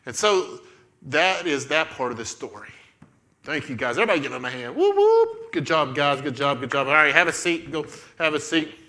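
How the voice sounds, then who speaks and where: A man's voice: fairly high pitch, a little fast, pushed and bright. A man leading a children's church lesson, playfully telling a Bible story and directing kids as they act it out. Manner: playful, coaching children through a skit.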